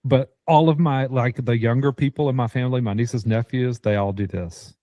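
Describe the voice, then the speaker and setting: Teasing, even-voiced male host. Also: mid-range voice, moderate pace, no room sound. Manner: teasing, moderating. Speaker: host running the recording. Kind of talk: casual group chat.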